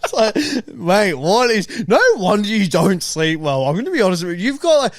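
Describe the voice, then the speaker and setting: Lively young man chatting. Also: high-pitched, moderate pace, no echo, studio quality. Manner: swearing, laughing storyteller. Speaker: podcast co-host. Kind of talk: casual chat.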